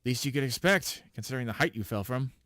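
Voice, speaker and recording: A man voicing a calm, mature female huntress in a game read-through, speaking in a steady, concerned, matter-of-fact way. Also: mid-range voice, quick pace, dry recording, studio quality, close to an everyday voice.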